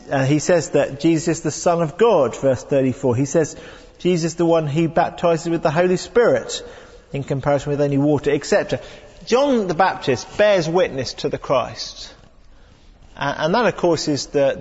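A man's voice: medium pitch, husky, long reverb tail, dull audio. A man preaching a conversational sermon, acting out little exchanges with humor and fillers. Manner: conversational, animated when acting out exchanges, self-deprecating humor.

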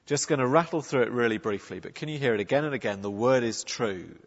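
A man delivers a sermon in a conversational, earnest way, often restarting his phrases. His voice is slightly husky, and it comes through a dull, muffled recording. A long reverb from the church trails behind him. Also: medium pitch, fast. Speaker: preacher.

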